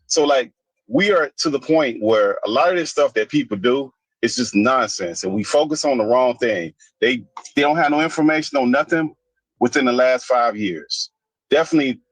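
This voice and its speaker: Blunt ranting man, husky voice. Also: medium pitch, expressive, normal speed, no room sound, poor audio. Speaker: commentator. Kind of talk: opinionated casual commentary.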